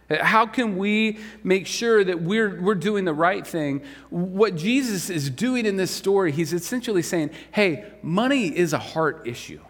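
A man delivers a Sunday sermon in an easy, conversational manner, tossing rhetorical questions to the congregation. His voice sits a little high for a man, and a long reverb trails his words around a large church hall. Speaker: pastor.

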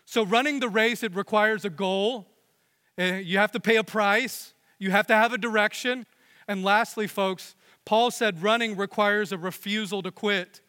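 A young man preaching with a high, bright voice that rings through a reverberant church hall. He preaches earnestly, climbing for emphasis, then sinking to hushed, intimate lines. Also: fairly even intonation, moderate pace, clear, resonant tone. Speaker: pastor. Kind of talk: sermon.

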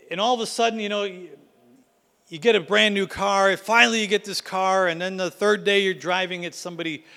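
Dramatic preacher in a reverberant hall. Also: male voice, high-pitched, creaky. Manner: dramatic, swinging from loud to hushed. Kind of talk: sermon.

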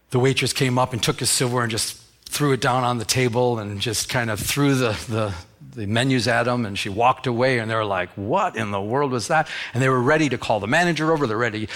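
A man preaching a sermon, telling stories with lively acted-out bits and sound effects, and dropping to a softer, lower voice in quiet passages. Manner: animated storytelling, acting out scenes with sound effects. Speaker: pastor.

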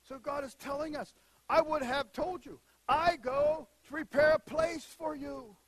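A man preaching a sermon, moving between quiet asides and loud, emphatic bursts. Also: very high voice, steady tone, a little slow, a crowd in the background, rough recording. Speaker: pastor.

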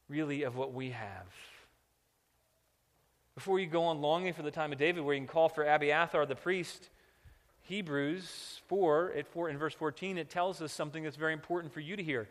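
A man preaching a sermon as pastor, moving between quiet reflective passages and loud impassioned ones. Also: on the high side, moderate pace, in a large hall.

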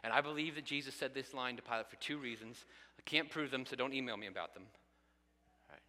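A male pastor preaches with a bright, forceful voice, speaking straight to the people in front of him. His words ring out with the long reverb of a large church hall. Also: mid-range voice, fast talker. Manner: animated, addressing the congregation directly. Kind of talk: sermon.

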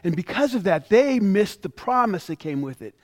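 A man's voice: sits high, big pitch swings, moderate pace, darkish tone. A male pastor preaching a sermon, reading scripture aloud and stressing the quoted words. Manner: reads scripture aloud, with emphatic rises on quoted lines.

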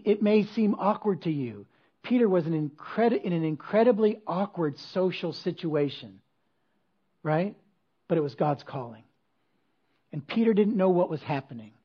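A man with a husky, slightly high voice preaches a sermon from a church stage. He talks to the congregation in a conversational way, full of rhetorical questions and quick asides. The recording sounds dull and muffled. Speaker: pastor.

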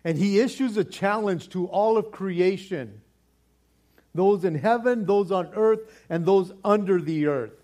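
A man preaching a sermon in an animated, casual way, repeating words for stress and dropping in slang. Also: high-pitched, measured pace. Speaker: pastor.

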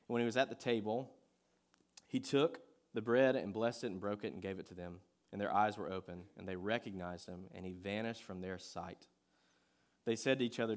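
Conversational male pastor preaching. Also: lowish voice. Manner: conversational preaching, shifting between loud emphasis and quiet reading. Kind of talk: sermon.

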